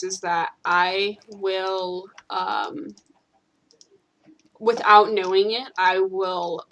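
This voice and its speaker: A woman's voice: mid-range voice, a bit bright. A woman from the United States hosting a gaming channel, chatting casually while she plays, giggling often and filling gaps with ums. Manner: giggly and chatty, many fillers. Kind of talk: casual chat while playing a game.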